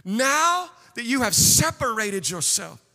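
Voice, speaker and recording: A man preaching a sermon, swinging from hushed asides to shouted declarations. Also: extremely high pitch, very animated, takes it slowly, gravelly. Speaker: pastor. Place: church sanctuary. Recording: long reverb of a large hall.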